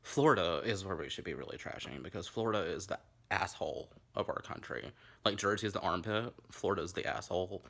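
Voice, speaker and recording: A man's voice: low voice, fast, creaky, fairly bright tone. A man from Tennessee, hosting a camp, rambling, crude comic drinking-game video from his bedroom. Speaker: vlog host. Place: bedroom at home.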